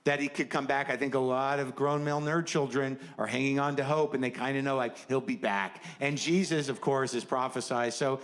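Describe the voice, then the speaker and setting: A man's voice: medium pitch, fairly even intonation, fairly quick, few pauses, fairly bright tone. Rambling, profane male stand-up comedian. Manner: rambling, profane, conversational riffing. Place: stage before a live audience. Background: faint audience laughter.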